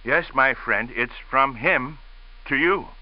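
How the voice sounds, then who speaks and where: A middle-aged man delivers a radio sermon. He speaks slowly and earnestly and tells his story with care. The broadcast sound is slightly dull. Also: mid-range voice. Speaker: radio preacher.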